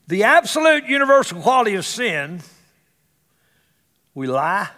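A male pastor preaching a sermon in a church, swinging between loud exclamations and hushed asides. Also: sits high, animated, takes it slowly, long pauses. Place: church sanctuary. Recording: reverberant church hall.

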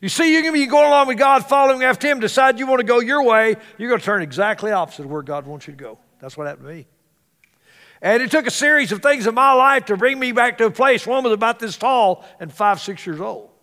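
High-voiced preacher in a reverberant church. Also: male voice, lively intonation, fast talker. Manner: swings between loud exclamations and hushed asides. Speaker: pastor. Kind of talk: sermon. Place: church sanctuary.

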